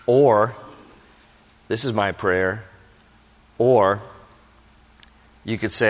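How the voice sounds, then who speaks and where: Speaking slowly with long pauses in a mid-range voice, a male pastor tells stories in his sermon and imitates the voices of those he quotes. The sound rings with the long reverb of a big hall.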